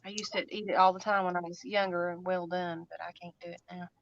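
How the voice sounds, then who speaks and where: A chatty woman hosts a relaxed crafting stream, teasing and chatting between bites of food. Her voice comes through a dull, lo-fi recording with a clear layer of background noise. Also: lowish voice, fast talker. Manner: chatty and teasing, eating while talking. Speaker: craft channel host. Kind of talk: casual chat during a crafting livestream.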